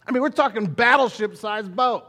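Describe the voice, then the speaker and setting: Man pastor, casual sermon storyteller, fairly high voice. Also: normal speed. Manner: conversational, animated, many asides. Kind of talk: sermon, Bible reading and storytelling.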